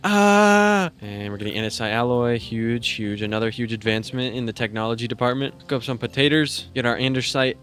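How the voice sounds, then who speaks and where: A young man giving casual gameplay commentary, thinking aloud in an excitable, self-mocking way. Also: fairly low pitch. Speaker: gaming YouTuber.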